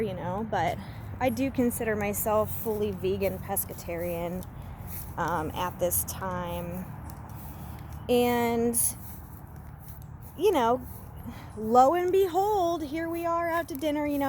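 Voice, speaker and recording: Woman vlogger, walk-and-talk in the woods, animated and chatty, middle pitch, faint ambience behind. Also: noisy background. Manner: expressive, animated delivery with many fillers; walking while talking. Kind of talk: casual walk-and-talk vlog. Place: outdoors in the woods.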